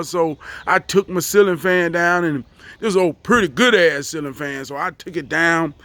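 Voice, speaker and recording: A man's voice: on the high side, bright, forceful tone, dry recording. A man telling a casual, profane story, acting out what people said. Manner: loose, profane, acts out quoted voices.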